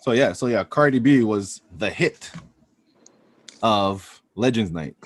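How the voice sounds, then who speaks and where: A man co-hosting a casual podcast, retelling events and acting out quotes in a loose, animated way. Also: fairly low pitch, takes it slowly. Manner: animated storytelling, acts out quotes. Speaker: podcast co-host. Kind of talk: casual chat.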